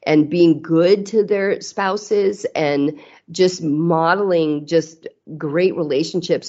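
A woman's voice: lowish voice, a little mellow. A middle-aged woman talking candidly as a guest in a casual interview, earnest and often restarting her sentences. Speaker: podcast guest. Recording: slightly muffled audio.

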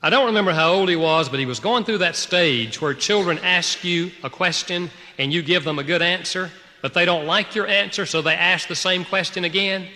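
A man preaching a sermon to a congregation, telling a personal story in an animated way, swinging between loud outbursts and hushed, quiet passages. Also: high-pitched, normal speed, hardly any pauses, big-room sound. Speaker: pastor.

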